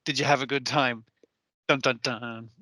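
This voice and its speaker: A man's voice: mid-range voice, steady tone, moderate pace, sharp tone, no room sound. A man hosting a podcast in casual chat, swearing freely and acting out characters' lines. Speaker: podcast host.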